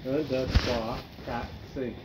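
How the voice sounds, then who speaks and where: A man's voice: mid-range voice, fairly even intonation, slow, very noisy. A man in casual chat with friends, rambling through corny jokes.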